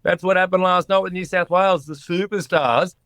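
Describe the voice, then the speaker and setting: A man from Queensland joins a casual sports chat as a regular guest. He talks in a fairly high voice, cheeky and teasing, with boisterous jabs. The recording is dry and close. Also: fairly even intonation, brisk, a bit bright, smooth, dry recording.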